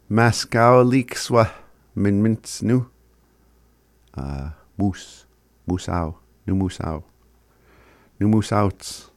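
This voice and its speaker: A man teaching phrases in a casual recorded lesson, chuckling often and sounding words out slowly. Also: lowish voice, a little mellow, no room sound. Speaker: language teacher.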